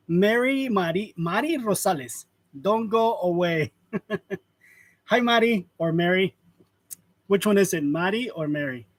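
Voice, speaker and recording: A man in his forties chats casually on a live stream, calling out viewers by name and laughing lightly as he goes. His voice sits fairly high for a man. The sound is dry and close, as from a clip-on mic. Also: no room sound. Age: 40s. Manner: greets viewers by name, chuckles often. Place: print shop. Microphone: wireless lavalier.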